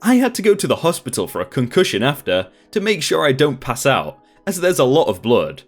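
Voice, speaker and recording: Lively man narrating online stories. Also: medium pitch, brisk, soft background music. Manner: lively, expressive reading. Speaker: storytime channel host.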